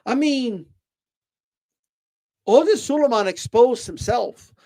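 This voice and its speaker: Brief: opinionated male boxing host with a high voice, stumbling over repeated words as he rants. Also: lively intonation, slow pace, dark tone. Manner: ranting, rhetorical "right?" tags, repeats words, says "bro". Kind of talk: opinionated casual commentary.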